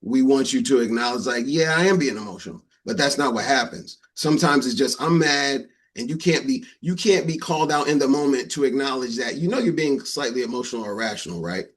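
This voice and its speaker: A man's voice: mid-range voice, fast talker, hardly any pauses. Blunt man on a discussion panel. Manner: blunt, explains with acted-out examples. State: married.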